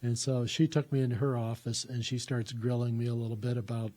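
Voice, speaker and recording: A man's voice: medium pitch, level tone, fairly quick, dark tone. A man telling a personal story in a casual, rambling way, with lots of "uh" fillers and restarts.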